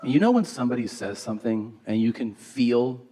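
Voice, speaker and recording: A man's voice: medium pitch, very animated, fairly quick, dark tone. A man doing stand-up on a stage, telling stories in a sarcastic, profane, conversational way. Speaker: stand-up comedian. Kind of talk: stand-up storytelling. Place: comedy stage before a live audience.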